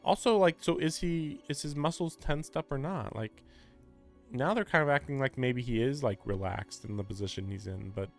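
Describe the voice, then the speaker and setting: A man's voice: medium pitch, moderate pace, soft background music. A man streaming a visual novel, reading its text aloud and breaking off into wry, chatty commentary.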